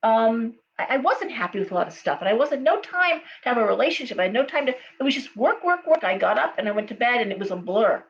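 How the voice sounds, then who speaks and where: A woman's voice: fairly high pitch, animated, fast, few pauses. Chatty woman reading tarot live. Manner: chatty, storytelling, frequent okays and ums. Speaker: tarot reader. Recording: dull lo-fi sound with faint hum.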